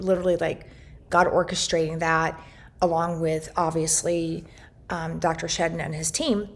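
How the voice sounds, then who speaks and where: A middle-aged woman telling her family's story earnestly, retelling conversations and often restarting her sentences. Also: fairly low pitch. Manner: earnest, recounts dialogue, frequent restarts. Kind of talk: personal storytelling to camera.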